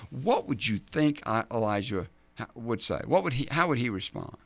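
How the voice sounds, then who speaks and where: A male pastor preaching a sermon in an animated way, acting out the scripture he reads. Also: medium pitch, normal speed, no room sound. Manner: animated, dramatizes scripture in voices.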